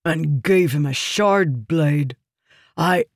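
A reader voicing an honest young male soldier who speaks in a dark, grim tone in an audiobook. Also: animated, takes it slowly, no room sound, studio quality. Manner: dark, low tone.

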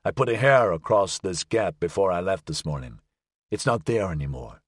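A man's voice: low-pitched, very animated, moderate pace, no room sound, voice pushed down. Man reading a wry sardonic detective. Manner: dry, sardonic. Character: wry unflappable male private detective.

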